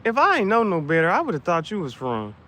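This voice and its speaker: A man chatting casually and joking, laughing often and swinging his voice high and low. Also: huge pitch swings, fast, a bit bright. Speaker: channel host.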